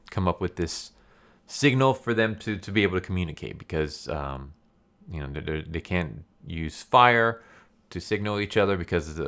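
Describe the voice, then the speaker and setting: A man's voice: extremely low pitch, a bit bright, clear, resonant tone. A man casually recapping a comic story, rambling with many fillers and frequent laughs. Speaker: comic book review YouTuber.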